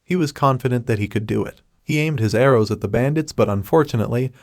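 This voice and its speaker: A man narrating a recap of a comic story in a steady, scripted storytelling voice. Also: medium pitch, fast, no room sound, clean studio sound.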